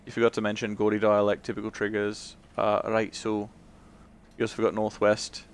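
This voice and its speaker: A male streamer chatting casually while he plays, rambling and restarting, his voice croaky and tired. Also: lowish voice, monotone, brisk. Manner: rambling, many restarts and fillers. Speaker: game streamer. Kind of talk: casual chat while gaming.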